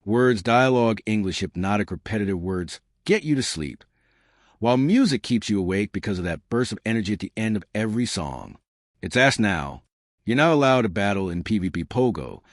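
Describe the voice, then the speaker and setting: Rambling low-voiced man with lively pitch. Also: a little fast, dry recording, studio quality. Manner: disjointed, jumps between topics. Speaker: channel host. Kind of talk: rambling monologue of tips and lists.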